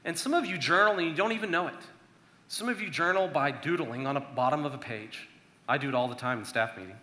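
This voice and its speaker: Bright-voiced man preaching in echoey room. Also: fairly high pitch, fast. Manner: conversational, acts out prayers in a hushed voice. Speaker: youth minister. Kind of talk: casual youth sermon. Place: church youth room.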